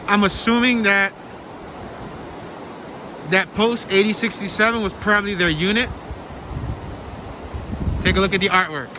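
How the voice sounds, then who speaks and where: A talkative man with a Philadelphia accent and a slightly raised voice narrates as he walks a small-town street. He muses aloud to his viewers, and the camera mic picks up a loud stream and passing cars. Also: sits high, steady tone, a little slow, long pauses. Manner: chatty, thinks aloud and talks to viewers. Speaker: walking tour vlogger. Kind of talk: narrated walking tour. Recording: noisy outdoor walk with stream and traffic. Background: flowing stream and passing traffic.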